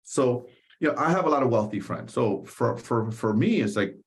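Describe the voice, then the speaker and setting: A man's voice: mid-range voice, expressive, moderate pace. A man from the Dominican Republic, a podcast guest telling a story in an emphatic, conversational way and repeating phrases for stress.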